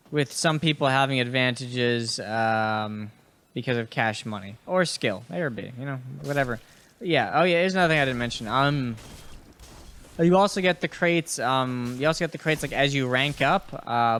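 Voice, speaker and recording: A man's voice: mid-range voice, a bit bright. A young man hosting a casual gaming podcast, rambling and chatty as he plays, with fillers, restarts and casual swearing. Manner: swears casually and talks to enemies on screen. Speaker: host and gamer. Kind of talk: casual gaming podcast commentary while playing.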